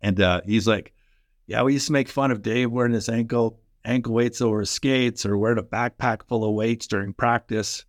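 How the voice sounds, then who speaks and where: A middle-aged man from Canada, a former pro hockey player, telling energetic, fast-flowing stories in a podcast interview. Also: medium pitch, no echo, clean studio sound. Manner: energetic, fast-flowing anecdotes with quoted dialogue. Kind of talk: animated storytelling in a podcast interview.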